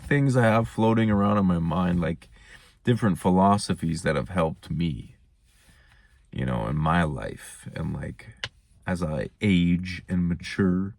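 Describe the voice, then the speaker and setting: Slow, gravelly, laid-back man. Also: low-pitched, a little mellow, no room sound. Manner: laid-back, rambling, musing. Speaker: host. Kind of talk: casual monologue.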